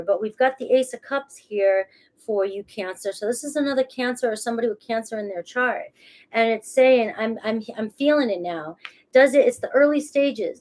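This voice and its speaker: A woman giving a casual tarot reading in a fairly high voice. She speaks in a chatty, reassuring way, often checks in with "all right" and "okay," and doubles back on her phrases as she goes. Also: a little mellow. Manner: laughs at herself, restarts phrases. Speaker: tarot reader.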